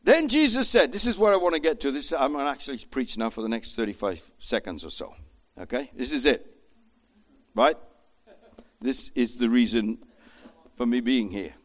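A man preaching a sermon with an animated manner, acting out voices as he tells the story. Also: mid-range voice, moderate pace. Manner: animated, acts out voices in quotes.

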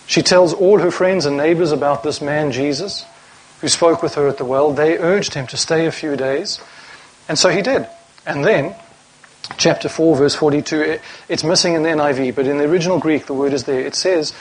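A man's voice: a little high, moderate pace, a little hiss or hum, low-quality recording. A man preaching a sermon to a congregation, reading scripture aloud and asking rhetorical questions.

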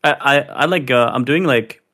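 A man in a casual gaming chat, relaxed and slangy. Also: mid-range voice, normal speed.

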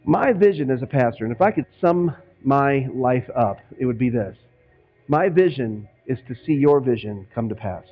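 A man's voice: medium pitch, animated, normal speed, muffled recording, faint music behind. A man preaching as a pastor in a conversational way, from Northwest Indiana, slipping into quoted voices now and then. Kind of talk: sermon.

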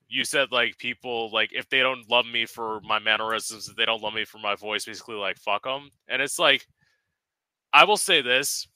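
A male host talks with an intensely bright, cutting tone, joking and teasing his guest while he swears casually. The recording is dry and close to the mic. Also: medium pitch, clear, resonant tone, dry recording, rough recording. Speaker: podcast host. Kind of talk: casual interview chat.

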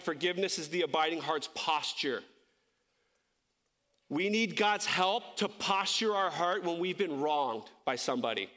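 A male pastor delivers a sermon with a fairly high-pitched voice. He is impassioned, stretching out key phrases and rising sharply in pitch, then drops into loose, conversational asides where he corrects himself. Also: brisk, fairly bright tone.

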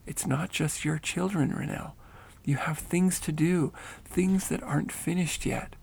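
A man reading the lines of a grandmother's spirit in a spoken story, speaking quietly and firmly. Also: fairly high pitch, a little slow, creaky, slightly rough, exaggerated voice. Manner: quiet and firm. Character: gentle grandmother spirit, firm and calm.

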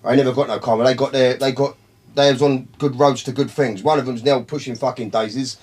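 A man's voice: medium pitch, fairly even intonation, brisk, darkish tone, slightly rough. A man, telling a long, profane story in casual talk, rambling and calling his listeners by name. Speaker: podcast guest.

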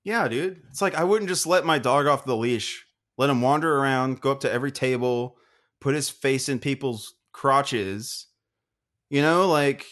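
A young man co-hosting a casual podcast, ranting in a profane, animated way. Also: mid-range voice, moderate pace. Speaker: podcast co-host.

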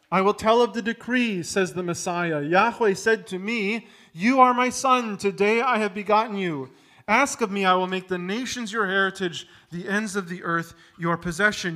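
Male pastor, high voice, emphatic sermon delivery with loud peaks and quiet drops.

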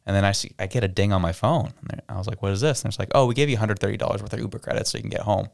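Low, gravelly man telling stories. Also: very fast, dry recording, studio quality. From Canada. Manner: storytelling, acts out quoted people. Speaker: podcast co-host. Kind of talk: casual chat.

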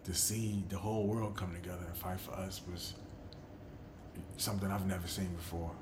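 A middle-aged man hosting his own podcast, telling stories in a loose, profane, animated way. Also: low-pitched, normal speed, noisy background. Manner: animated storyteller who acts out quotes. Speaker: podcast host. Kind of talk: casual podcast monologue.

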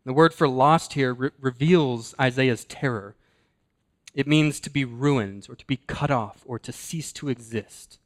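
Man, pastor, mid-pitched voice, earnest sermon delivery, slows and hushes for emphasis.

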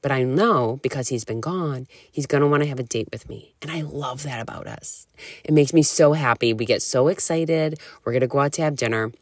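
A woman in her thirties, a podcast host and nutrition coach, talking in a candid, animated way, full of "like" and casual swearing. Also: very deep voice, a little fast, dry recording, clean studio sound. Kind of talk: casual solo podcast talk.

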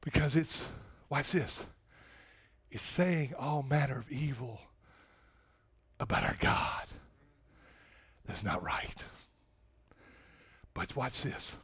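A man preaching a sermon to his church, swinging from loud urgency to hushed, near-whispered pleading. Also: mid-range voice, lively intonation, takes it slowly, long pauses, breathy edge. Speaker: pastor.

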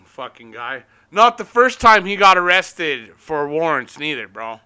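A man's voice: a little high, sing-song, a little slow, sharp tone, clean tone. A young man casually telling a rowdy story, rambling and swearing constantly, laughing at his own tale.

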